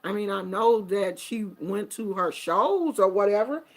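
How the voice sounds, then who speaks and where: A middle-aged woman vlogger chatting casually on a livestream, reading viewer comments in an animated, sassy way, going from low murmurs to loud exclamations. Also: measured pace.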